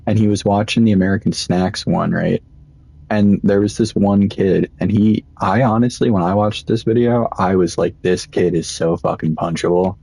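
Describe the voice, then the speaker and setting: Gravelly low young man rambling over gameplay. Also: fairly even intonation, normal speed, mellow, no echo, low-quality recording. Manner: rambling, swearing, storytelling. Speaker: gaming streamer. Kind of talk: casual gaming commentary.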